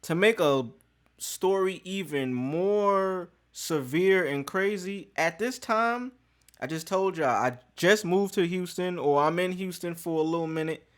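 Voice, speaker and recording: A man's voice: high voice, measured pace, fairly bright tone. A man hosting a podcast, telling a story in casual street slang with plenty of profanity. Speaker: podcast host.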